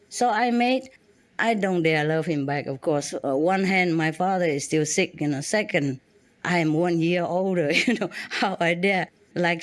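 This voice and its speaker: Woman, halting. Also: mid-range voice. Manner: halting, frequent restarts and fillers. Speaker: spiritual teacher. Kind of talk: personal storytelling to students.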